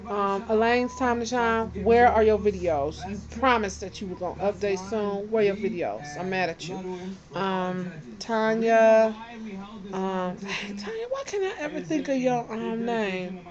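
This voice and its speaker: A woman's voice: mid-range voice, steady tone, measured pace, dull audio, crowd noise. A woman vlogging in casual chat, talking to her viewers and greeting them one by one. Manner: chatty, shouts out viewers one by one.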